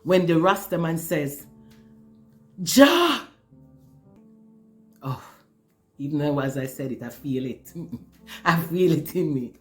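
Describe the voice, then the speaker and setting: Earnest storyteller, moved by their own story, middle pitch, soft music under the talk. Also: normal speed. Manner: earnest, emotional, repeats words while searching. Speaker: spiritual storyteller. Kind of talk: personal spiritual testimony.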